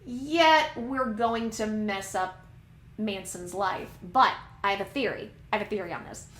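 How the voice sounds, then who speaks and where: A woman's voice: mid-range voice, a little slow, fairly bright tone, reverberant, a little hiss or hum. A woman hosting casual commentary, chatting and reading documents aloud, sometimes stumbling over names and words. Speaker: commentary channel host.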